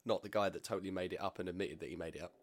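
A man co-hosting a podcast, chatting casually and joking, quick to laugh. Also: deep voice, steady tone, dry recording. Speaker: podcast co-host. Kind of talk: casual chat. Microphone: studio mic with pop filter.

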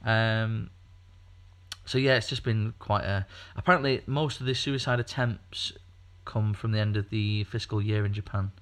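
A man chats on a podcast in a loose, rambling way, stopping and restarting often. His voice sits fairly low. He fills gaps with ums and asides. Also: steady tone, moderate pace, a bit bright. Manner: rambling, chatty, many fillers and restarts. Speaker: podcast co-host. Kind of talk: casual podcast chat.

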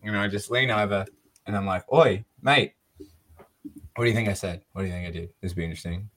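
A man's voice: low voice, racing, fairly bright tone. A man co-hosting a podcast, telling sports stories in a casual, swearing, laughing way. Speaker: podcast co-host. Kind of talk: casual chat.

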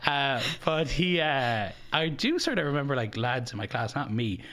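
A man's voice: mid-range voice, moderate pace, a bit bright. A young Irish man as a podcast guest, chatting in a rambling, self-deprecating way with lots of fillers. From Ireland. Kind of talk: casual interview chat.

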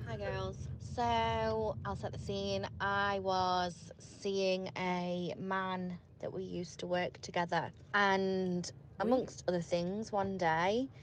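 A woman telling a frank story in a relaxed, measured way in a voice note she sent to a podcast. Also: medium pitch. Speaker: listener sending a voice note. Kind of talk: casual recorded voice note, storytelling. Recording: voice note with faint background noise.

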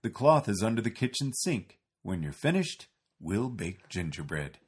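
A man voicing a gentle, weary old man who speaks low and calmly. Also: moderate pace, husky.

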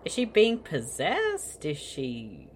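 A man's voice: on the high side, wildly swooping pitch, takes it slowly, a little hiss or hum. A man co-hosting a podcast, making dry, sarcastic quips while watching a movie. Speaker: podcast co-host. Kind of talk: casual movie commentary chat.

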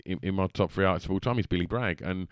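Deep, smooth-voiced podcast host from Essex. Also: male voice, very fast, no echo, clean studio sound. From Essex, England. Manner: enthusiastic, stammering repetitions. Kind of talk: casual interview chat.

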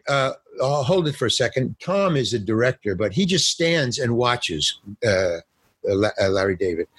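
A man's voice: medium pitch, a bit bright, breathy edge, no room sound. An older actor telling rambling anecdotes in a casual interview, acting out the lines of people he quotes. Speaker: actor and guest.

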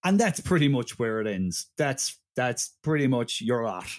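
A man's voice: mid-range voice, big pitch swings, unhurried. A man co-hosting a podcast, rambling through a plot summary with frequent laughs and restarts. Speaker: podcast co-host. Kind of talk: casual chat.

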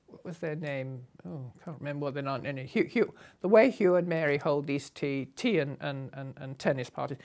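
An older woman from Britain recounting travel memories in a lively, humorous way. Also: deep voice, fairly quick, hardly any pauses. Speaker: storyteller. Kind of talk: recounting a memoir.

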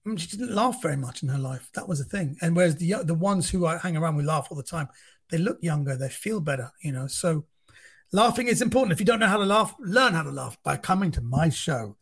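London guy in his 50s, comic, kinda husky and a bit high, tells stories with lots of restarts. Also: fast. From central London. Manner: animated storytelling with many restarts. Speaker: comedian guest. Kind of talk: casual chat.

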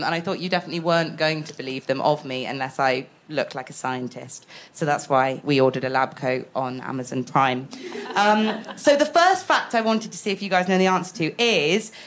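Jokey woman co-host. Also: fairly low pitch. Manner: jokey, self-mocking, presents facts playfully. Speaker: podcast co-host. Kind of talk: casual live podcast chat. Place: live event in a shop.

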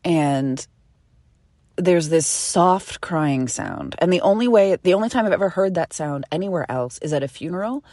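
Woman, low pitch, animated casual storyteller, dry close sound. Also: moderate pace, dry recording. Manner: animated, chatty, swears casually.

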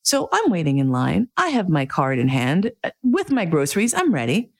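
A woman's voice: fairly low pitch, wildly swooping pitch, moderate pace. A middle-aged woman telling a candid, profane, self-mocking story as a monologue.

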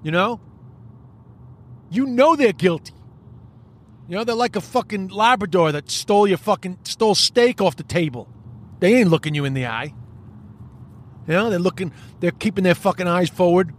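High-voiced Irish man ranting. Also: moderate pace, long pauses. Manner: profane, rambling, animated storytelling. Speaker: podcast host. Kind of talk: solo comedic podcast rant.

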